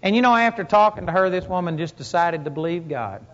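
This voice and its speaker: A man's voice: high voice, animated, quick pace, fairly bright tone. A man preaching a sermon to a congregation, telling stories with emphatic rises and punchy lines. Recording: long hall reverb, dull lo-fi sound.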